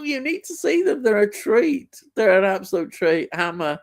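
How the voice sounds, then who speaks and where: A middle-aged man, talking slowly and unhurriedly in a somewhat high voice. He rambles along with plenty of ums and restarts, sounding keen as he reads through viewer comments in a casual live-stream chat. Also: gravelly. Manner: enthusiastic, rambling with many fillers and restarts.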